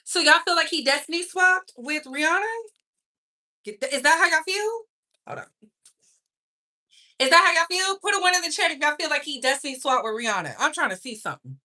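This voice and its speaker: Sassy, bright-voiced woman gossip host. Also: high-pitched, brisk, long pauses. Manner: sassy, animated, talks straight to viewers. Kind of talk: casual gossip commentary to a live chat.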